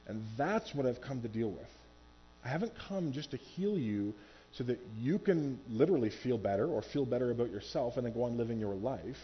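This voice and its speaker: Animated male pastor preaching. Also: medium pitch, a little fast, dull audio, soft background music. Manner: animated, acts out quoted voices. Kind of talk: sermon. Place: church stage.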